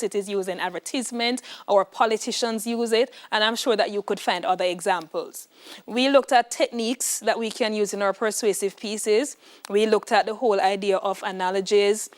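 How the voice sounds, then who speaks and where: A woman teaching a televised exam-prep lesson, giving clear, emphatic tips in a studio classroom. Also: medium pitch.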